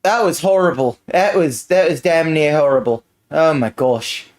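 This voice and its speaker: A man's voice: fairly high pitch, moderate pace. A man playing a tabletop game, sighing and complaining with mock exasperation and some swearing. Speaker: player. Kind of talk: casual role-play chat.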